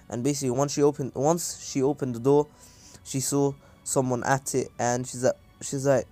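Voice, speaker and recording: A man's voice: mid-range voice, little pitch movement, moderate pace, dark tone, soft background music. A man casually improvising a fan story, rambling with many fillers and asides. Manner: rambling, full of "uh" and "anywho".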